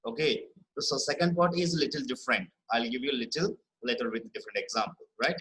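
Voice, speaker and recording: A man teaching a spelling lesson, explaining patiently, repeating words slowly and asking "right?" to check understanding. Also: medium pitch, fairly bright tone, rough recording. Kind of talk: online classroom lesson.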